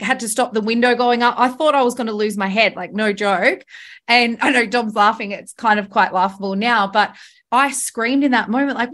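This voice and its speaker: A woman's voice: a little high, a bit bright. A woman, hosting a podcast in a candid, casual chat full of fillers and the odd swear. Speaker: podcast host.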